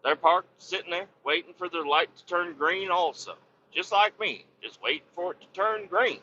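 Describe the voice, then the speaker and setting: Bright-voiced, profane male storyteller. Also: sits high, moderate pace, highs cut off, a little hiss or hum. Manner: profane, animated, repeats himself. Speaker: podcast host and storyteller. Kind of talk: casual storytelling.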